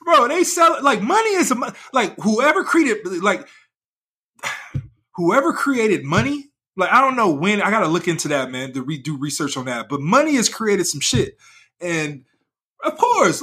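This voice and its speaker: Animated high-voiced man rambling in casual chat. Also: moderate pace, breathy edge. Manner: rambling, animated, heavy use of "like" and "bro".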